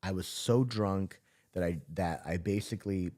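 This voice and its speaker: Guy with a lowish voice, swears a lot, rambling story, keeps laughing it off. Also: moderate pace, a little mellow. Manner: profane, rambling, many restarts. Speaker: podcast guest. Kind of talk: casual storytelling interview.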